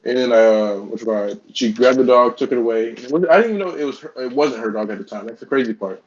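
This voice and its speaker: A man's voice: mid-range voice, quick pace, highs cut off. A man co-hosting a casual podcast, telling a heated, profane story. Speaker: podcast co-host.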